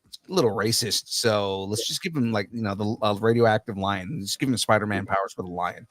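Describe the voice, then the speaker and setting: A man's voice: lowish voice, fairly quick, fairly bright tone, no echo, pitched below the performer's own voice, lightly acted. A man voicing a smug movie studio executive. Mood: mocking. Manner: mocking, offhand.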